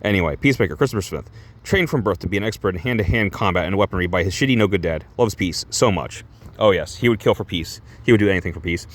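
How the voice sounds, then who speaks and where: A man with a low voice reviews a comic book in a loose, rambling, expressive way at a quick pace. He swears casually, laughs often, and stops to correct himself as he goes.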